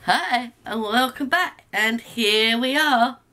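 Slow-talking middle-aged woman. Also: a little high, bright, forceful tone. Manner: unhurried, chatty, laughs often. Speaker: cooking vlog host. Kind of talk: casual home baking chat.

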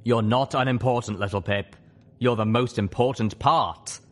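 A man voicing an ancient male dragon who explains things rapidly and earnestly. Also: mid-range voice, close to an everyday voice.

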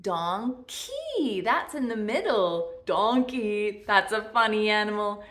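A woman's voice: medium pitch, very animated, slow, fairly bright tone. A woman teaching toddlers to talk, in an exaggerated sing-song way that stresses each sound. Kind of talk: children's speech lesson.

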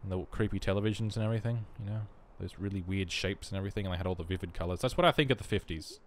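A man's voice: deep voice, rapid-fire, slight background noise. A young man giving wry, self-mocking commentary while playing a life-simulation game. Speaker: let's play host. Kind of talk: casual gameplay commentary.

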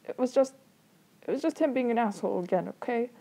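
A woman's voice: fairly high pitch, animated, fast, vocal fry, mellow, pitched above the performer's own voice. A woman reading as a pleading younger brother. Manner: pleading, exasperated.

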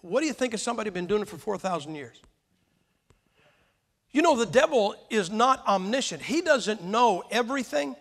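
A man's voice: high voice, lively intonation, normal speed, a bit bright. A man preaching a sermon, telling stories in a folksy way and putting questions to the congregation. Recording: long hall reverb.

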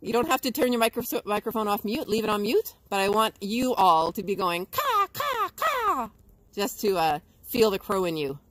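A woman's voice: medium pitch, brisk, few pauses, a little hiss or hum, poor audio. A woman educator giving a playful livestream nature lesson to schoolchildren. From Canada. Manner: bubbly, playful, imitates bird calls.

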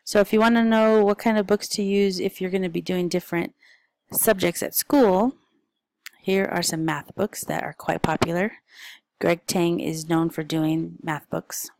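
A woman with a deep, slightly creaky voice talks casually through picture book recommendations, filling pauses with ums and uhs. Her delivery stays flat and even, with little rise and fall. The recording is close and dry, with no room sound. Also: no room sound, poor audio. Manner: chatty and informal, with frequent fillers. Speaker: parent.

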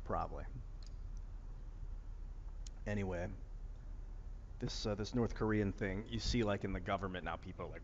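A fairly low-voiced man with a Northeast Ohio accent rambles through a casual vlog, musing and restarting his sentences. The sound is dull and lo-fi, with a long reverb trailing his words. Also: moderate pace, long pauses, slight background noise. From Northeast Ohio, USA. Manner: musing, meandering, many fillers and restarts. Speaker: vlogger. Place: outdoor rooftop among plants.

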